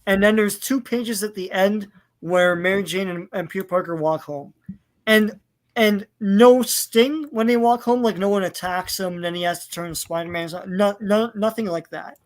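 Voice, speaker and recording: A man's voice: sits high, moderate pace. Opinionated man ranting about comics. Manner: opinionated, fillers and profanity in rants. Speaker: podcast co-host. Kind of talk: casual chat.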